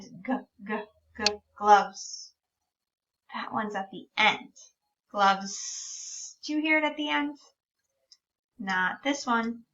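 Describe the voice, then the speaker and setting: Working with small children on speech sounds, a teacher speaks in a bright, rather high voice, stretching each word out as she sounds it, slowly and with great patience. She is a bit removed from the microphone, and the recording comes across dull, lo-fi and distant.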